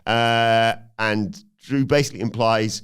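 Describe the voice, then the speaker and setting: A man co-hosting a podcast, chatting casually through a wrestling show recap and acting out the promos in loud put-on voices. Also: lowish voice, steady tone, a little slow, clean tone. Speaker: podcast co-host. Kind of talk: casual wrestling review chat.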